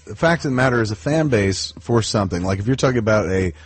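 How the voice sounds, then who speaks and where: A man's voice: lowish voice, expressive, fast, breathy edge, no echo, soft background music. A man hosting a casual podcast chat, laid-back, speaking in loose, rambling runs.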